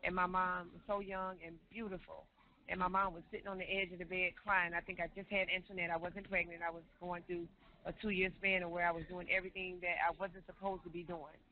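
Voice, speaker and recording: A woman's voice: lowish voice, little pitch movement, a little fast. A woman in her forties sharing her personal testimony as an interview guest, telling her story with emotion and repeating phrases. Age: 40s. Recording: tinny phone-line sound, faint noise.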